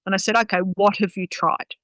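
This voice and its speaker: A woman talks in a blunt, sweary, matter-of-fact way. Her voice is bright and smooth. The sound is close and dry. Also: mid-range voice, fairly even intonation, brisk, dry recording, rough recording. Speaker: guest dog trainer. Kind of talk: casual podcast chat.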